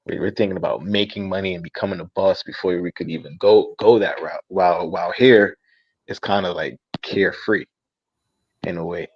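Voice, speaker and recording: A man from the United States calling into a livestream, talking casually and haltingly, often pausing to search for words. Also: sits low, breathy edge, dull audio. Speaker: caller on a livestream. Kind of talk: casual chat.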